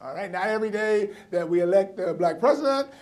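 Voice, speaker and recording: A middle-aged man performing stand-up comedy, telling a personal story with wry, punchy asides and sharp comic timing. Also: high voice, animated, fast talker.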